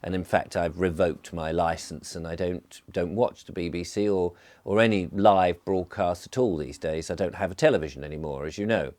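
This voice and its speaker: Deep-voiced well-spoken English man. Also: fairly even intonation, moderate pace, hardly any pauses, a little mellow. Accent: southern English, near-posh. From England. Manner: rambling, genial, well-enunciated. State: groggy with a cold. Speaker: vlogger. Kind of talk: sit-down vlog chat. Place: indoors, seated.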